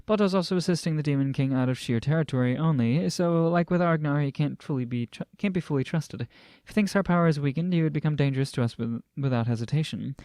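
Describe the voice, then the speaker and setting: A man's voice: a little high, fast, hardly any pauses, a little mellow, dry recording, studio quality. A man casually reading a translated novel aloud, stumbling and restarting and breaking off for joking asides. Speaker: amateur novel reader.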